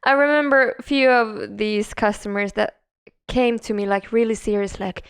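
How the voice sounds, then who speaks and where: Co-hosting a casual hospitality podcast, a woman chats about her front desk job, giggling often, laughing a lot and poking fun at herself. Her voice is a little high, clear and resonant, at a moderate pace, recorded on a podcast microphone.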